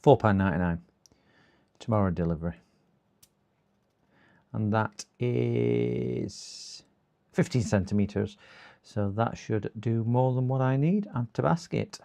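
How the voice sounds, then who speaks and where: Slow and creaky, with frequent pauses, a mellow mid-range voice belongs to a middle-aged British repair technician livestreaming his work. He mumbles to himself, replies to viewers, and groans in frustration from time to time, keeping the chat casual.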